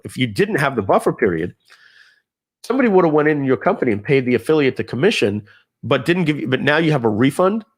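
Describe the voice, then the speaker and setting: Lively man walking through software. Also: mid-range voice, quick pace, husky. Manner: lively, conversational, with frequent fillers and asides. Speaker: software trainer. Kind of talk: live software demo walkthrough.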